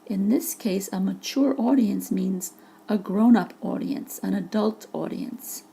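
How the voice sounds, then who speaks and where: A woman's voice: mid-range voice, unhurried, creaky, dark tone. A woman teacher narrating a vocabulary lesson over a presentation, patiently explaining each word with examples. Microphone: voice-over for a slide presentation.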